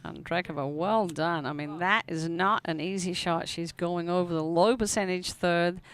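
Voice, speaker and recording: A woman giving live sports commentary on a match, analytical and quick to laugh. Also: lowish voice, steady tone, fairly bright tone, a little hiss or hum. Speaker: platform tennis commentator.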